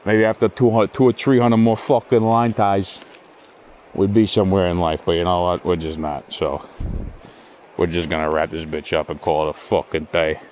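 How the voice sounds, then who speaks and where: Outdoors by cold water, a man vlogs while fishing, muttering frustrated, profane remarks to himself in casual solo commentary. His voice is deep and darkish with a flat delivery at normal speed, and there's a little hiss or hum.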